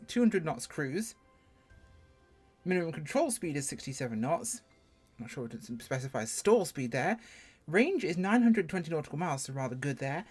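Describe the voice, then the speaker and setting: This voice, from England with an English accent, has a slightly mellow, breathy edge. The speaker casually reviews a flight sim plane on first look, chatting away, poking fun at himself, and leaping abruptly in pitch.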